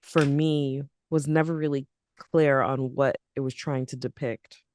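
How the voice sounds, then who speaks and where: Relaxed woman co-host, dry close mic. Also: extremely low pitch, measured pace, no room sound. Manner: relaxed, steers the talk to the next scene. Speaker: podcast co-host. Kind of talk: casual chat.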